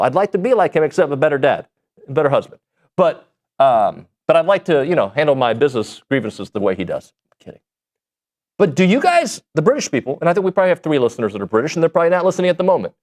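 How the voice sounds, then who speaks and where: Lively, joking male sports radio host. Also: high voice. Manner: animated, joking, rambling. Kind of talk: casual sports talk show chat.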